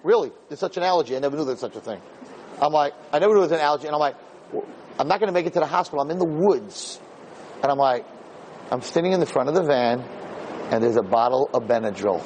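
A man's voice: mid-range voice, expressive, quick pace, a little mellow, slight background noise, low-quality recording. A middle-aged man, a rabbi and teacher, telling a story in a Torah talk, acting out the dialogue and repeating phrases.

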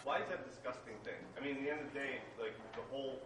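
Student guy asking a question in class, far off mic, echoey, stumbles a bit. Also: medium pitch. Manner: halting, restarts while making a point. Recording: roomy sound from across the room, noisy.

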